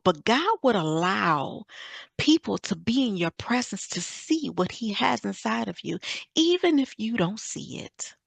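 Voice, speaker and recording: A woman's voice: mid-range voice, vocal fry, husky, dry recording. A middle-aged woman from Michigan telling an earnest, faith-filled story of her career as a summit speaker. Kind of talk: personal testimony talk.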